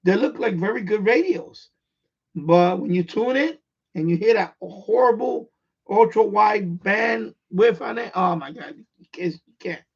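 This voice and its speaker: A man's voice: sits high, animated, unhurried, gravelly, slightly rough. A man with a New York accent, chatting casually and bluntly on a live stream, rambling and repeating himself. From born in Puerto Rico, raised in the Bronx. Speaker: radio hobbyist live streamer. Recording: dull lo-fi stream audio.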